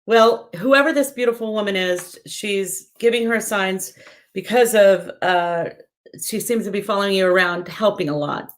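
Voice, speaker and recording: Her voice is medium-pitched at a normal speed as this woman, a psychic medium, does readings on a live stream. She reads viewers' comments aloud and talks in a chatty, searching manner, with lots of fillers and self-corrections.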